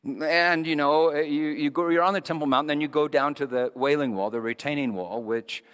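A man's voice: a little high, normal speed, a bit bright, clean tone. A middle-aged man preaching a sermon in a conversational storytelling way, often restarting his phrases. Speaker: pastor. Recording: long reverb of a large hall.

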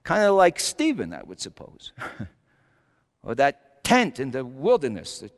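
A man playing a fiery, repentant Paul in a dramatic sermon monologue, stammering and repeating words as he drops to low murmurs and rises to shouts. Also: huge pitch swings, slow pace, in a large hall, exaggerated voice. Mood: reflective. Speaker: church speaker in character.

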